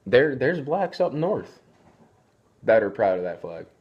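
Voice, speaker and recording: A man's voice: mid-range voice, big pitch swings, a little slow, lo-fi sound, noisy background. A young man talking casually to camera, rambling and often restarting his sentences. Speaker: vlogger. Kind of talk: casual opinion talk.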